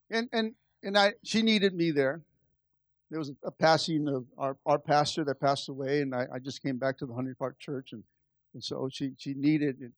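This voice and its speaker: A male pastor preaching a sermon at a church service, animated and acting out the voices he quotes. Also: mid-range voice, no room sound.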